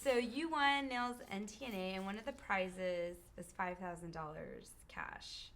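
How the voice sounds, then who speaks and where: A woman's voice: medium pitch, big pitch swings, unhurried, a bit bright. A woman co-hosting a casual nail art show, playful and giggly. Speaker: co-host. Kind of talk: casual chat.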